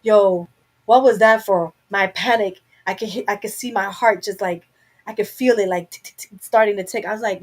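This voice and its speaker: A candid woman hosts a home livestream, casually chatting to viewers, rambling and talking to herself. She has a mid-range, darkish voice and a moderate pace, and the audio is poor.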